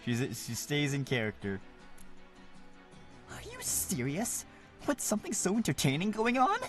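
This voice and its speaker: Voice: mid-range voice, huge pitch swings, normal speed, soft background music. A streamer reading a fantasy game story aloud live, reacting with frequent laughter and emotion.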